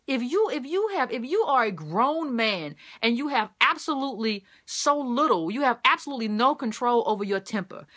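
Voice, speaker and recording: A woman's voice: fairly high pitch, a bit bright. A woman giving impassioned opinion commentary, repeating phrases for emphasis.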